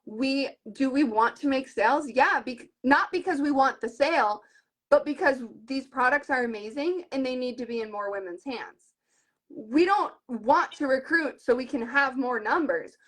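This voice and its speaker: A woman's voice: sits high, moderate pace. A woman in her thirties, a direct-sales team leader, talking earnestly and with animation in a live video conversation. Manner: earnest and animated, retells conversations in lively voices.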